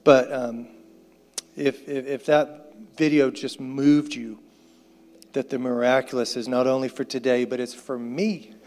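A man preaching and making an altar call. He talks earnestly, repeats his phrases, and drops into hushed prayer. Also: medium pitch, level tone, unhurried. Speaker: pastor. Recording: long hall reverb.

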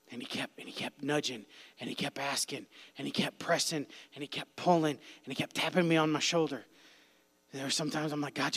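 Impassioned preacher man in a reverberant hall. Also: a little high. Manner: impassioned, swinging from hushed whispers to loud cries. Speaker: youth pastor. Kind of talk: sermon. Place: church sanctuary.

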